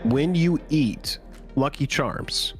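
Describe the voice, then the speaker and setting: A man's voice: on the high side, slow, soft background music. A man co-hosting a live stream, chatting casually in a laid-back way and thanking viewers. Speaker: co-host of a card game live stream.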